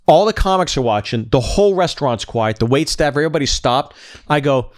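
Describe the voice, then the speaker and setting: A man's voice: on the high side, fairly quick, dry recording, studio quality. A middle-aged man telling a comedic story as a guest, acting out the dialogue with energy. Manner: animated, acts out dialogue.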